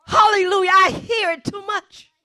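Woman, pastor, church sermon, high voice, bright ringing tone, shouts her points. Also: steady tone, normal speed. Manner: impassioned, repetitive preaching, often shouting.

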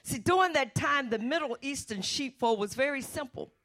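A woman's voice: high-pitched, animated, normal speed, fairly bright tone. A woman preaching a fervent sermon and calling on the Holy Spirit as she speaks.

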